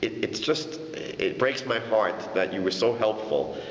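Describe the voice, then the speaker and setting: A man's voice: lowish voice, measured pace, a little hiss or hum, natural voice. A man telling a story and voicing a young rabbi who pleads earnestly and thanks effusively. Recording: dull echoey hall.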